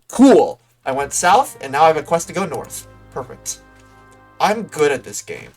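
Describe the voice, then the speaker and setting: A man's voice: a little high, very animated, normal speed, a little mellow, slightly rough, faint music behind. A man streaming a game live, making joking self-deprecating asides between dialogue.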